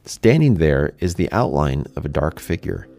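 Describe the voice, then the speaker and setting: A man's voice: very deep voice, sing-song, moderate pace, creaky, warm tone, dry recording, faint music behind. A man narrating a first-person fantasy story in a conversational way, speaking to the listener directly.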